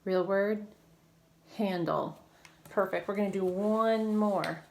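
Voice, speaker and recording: An encouraging woman leads a children's phonics lesson, speaking in clear, steady prompts and handing out frequent praise. Her voice sits at an ordinary middle pitch, and a light hiss of noise runs under the recording. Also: slow pace. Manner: encouraging, clear teacher prompts to young readers. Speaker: reading teacher.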